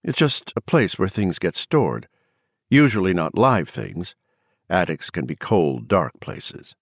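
A man's voice: sits low, huge pitch swings, takes it slowly, no echo, clean studio sound, full character voice. A man doing a cold, alien-possessed woman. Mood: cool lecturing. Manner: cool and condescending. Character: cold woman taken over by an alien presence. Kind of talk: audiobook character voice.

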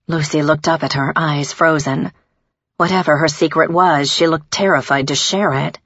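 Low, husky woman narrating an audiobook. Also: fairly even intonation, moderate pace, a bit bright, dry recording. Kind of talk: first-person audiobook narration. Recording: dull lo-fi recording.

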